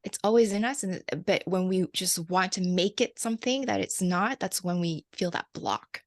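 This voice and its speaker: A woman's voice: mid-range voice, moderate pace, no echo. A woman who works as a light language channeler, talking reflectively as an interview guest, laughing often and restarting her sentences. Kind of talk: casual interview conversation.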